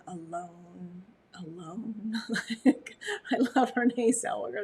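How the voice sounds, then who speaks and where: Dog breeder, woman, Montana accent, higher register, chatty livestream host who laughs a lot. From Montana, USA. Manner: chatty, laughs often, talks to viewers' comments. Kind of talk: casual livestream chat.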